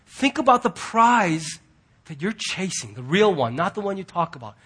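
A man preaching a sermon in an earnest, husky voice that sits high for a man. He presses hard on key words, then drops to a hush. His talk is that of a pastor before his church. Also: sing-song, normal speed. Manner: earnest, swings from loud emphasis to hushed quiet.

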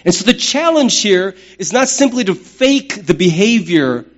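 High-pitched guy preaching, chatty and funny, acts stuff out, kinda muffled lo-fi sound. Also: measured pace. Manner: conversational and humorous, with lively acted-out asides. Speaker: pastor. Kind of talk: sermon.

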